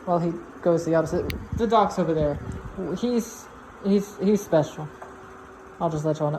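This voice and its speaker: A woman with a fairly low voice gives relaxed, slangy commentary at home, chatting to a little machine as if it were a friend. A clear hum of background noise runs under the noisy home recording. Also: normal speed. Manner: chatty and slangy, talks to the robot like a person. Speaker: product reviewer. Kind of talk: casual unboxing commentary.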